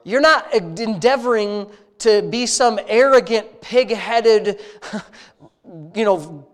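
A man with a high, animated voice prays slowly as he leads a congregation in spontaneous, heartfelt prayer. His tone is intimate and conversational, and he keeps repeating phrases of praise.

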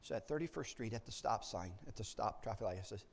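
A man preaching, telling a story from his own life, swinging between hushed low passages and loud excited outbursts, often repeating words as he restarts. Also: quick pace, few pauses, a little hiss or hum. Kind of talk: sermon storytelling.

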